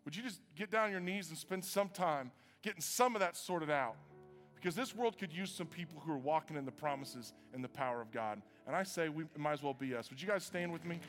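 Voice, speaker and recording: A pastor preaching a sermon in a church, animated and self-mocking, swinging from quiet asides to loud bursts. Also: male voice, fairly high pitch, fairly quick, faint music behind. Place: church hall. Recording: live hall with long reverb.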